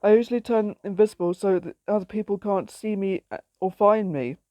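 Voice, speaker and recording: A woman's voice: mid-range voice, fairly quick, dark tone, no echo, muffled recording, natural voice. Gloop, a woman reading as a friendly alien cat. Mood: explaining.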